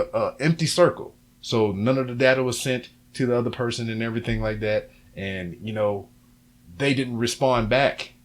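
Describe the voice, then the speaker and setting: A man hosting his own podcast, rambling casually and profanely to camera from a home setup. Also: mid-range voice. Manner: loose, profane and rambling, with many fillers. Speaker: podcast host. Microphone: camera and computer setup, a little off-axis at times.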